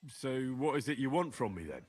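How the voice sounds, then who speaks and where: An actor playing a young medieval blacksmith in a video game, giving plain, measured replies. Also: male voice, mid-range voice, sing-song, a little mellow, breathy edge. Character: young medieval blacksmith hero, calm and steady.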